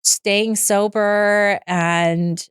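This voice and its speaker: Frank woman with a smooth, dry voice. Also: medium pitch, steady tone, drawn-out words, dry recording. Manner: open, frank, rambling with restarts. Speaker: podcast guest. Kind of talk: candid personal story in conversation.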